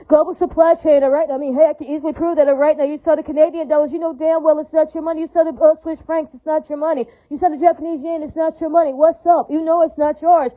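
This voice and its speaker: A woman's voice: high voice, steady tone, fast talker. A woman in a rambling, agitated monologue, repeating herself and tagging her points with questions. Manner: repetitive, rambling, with constant tag questions; agitated, profane. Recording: tinny phone-like audio.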